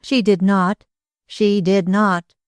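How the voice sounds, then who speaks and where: A woman's voice: mid-range voice, little pitch movement, slow, clean tone, no echo, studio quality, natural voice. A woman voicing a loyal, earnest young woman who speaks vehemently in an audiobook.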